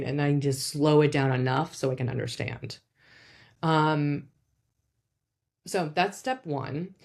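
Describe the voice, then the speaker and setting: Low-voiced woman, chatty psychologist host, informal and animated. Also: creaky. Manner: chatty, lots of "like" and "right?", animated demonstrations. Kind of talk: casual educational talk.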